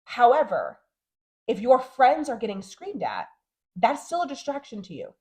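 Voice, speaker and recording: A fairly high-voiced woman in her thirties co-hosting a casual podcast. She talks animatedly and jumps into quick impressions of the people she's talking about. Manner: animated, talks fast and acts out quotes. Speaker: podcast co-host. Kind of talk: casual chat.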